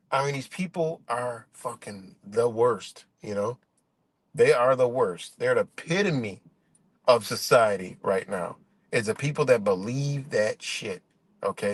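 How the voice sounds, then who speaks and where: A man's voice: mid-range voice, animated, unhurried, a bit bright, no room sound. A man ranting on his live stream, swearing a lot, exasperated and rambling, and mocking people in quoted voices. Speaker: livestream host.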